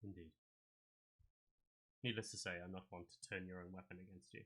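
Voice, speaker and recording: A man voicing a wary, honorable male adventurer in a tabletop game, speaking in measured, earnest tones. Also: low-pitched, level tone, fairly bright tone. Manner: measured, earnest in-character speech.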